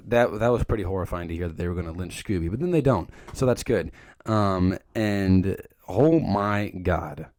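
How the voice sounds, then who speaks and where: A man's voice: sits low, darkish tone. A young man giving a casual, joking movie recap, rambling and stumbling over his words. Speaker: video creator recapping a movie.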